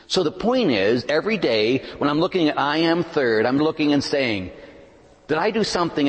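A male pastor preaching in a big, echoing church, his voice sitting a little high for a man and ringing out with a long tail of reverb. He delivers his sermon in a lively, up-and-down way, pushing hard on some points and dropping almost to a murmur on others. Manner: animated preaching, swinging from loud emphasis to hushed asides. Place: large church.

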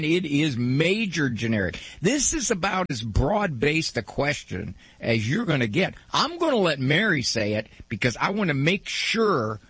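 A man hosting a call-in radio show who teases his callers in a playful way. His voice is husky and very lively in pitch. The sound is dry, with no room echo. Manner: playful, teasing.

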